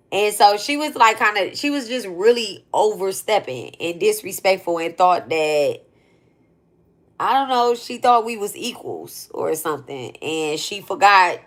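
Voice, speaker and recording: A woman's voice: mid-range voice, lively intonation, unhurried. Blunt, profane woman ranting casually. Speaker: spiritual content creator. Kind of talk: casual storytelling rant.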